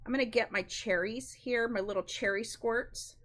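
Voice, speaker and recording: A woman's voice: fairly high pitch, normal speed, fairly bright tone. A woman hosting a live-stream craft demonstration, chatty and instructive, often calling her viewers "guys.".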